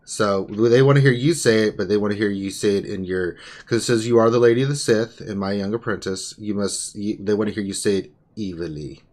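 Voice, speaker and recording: A man's voice: lowish voice, brisk, hardly any pauses. A man hosting a live online Q&A stream, chatting casually and teasing his co-hosts. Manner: playful, teasing, animated.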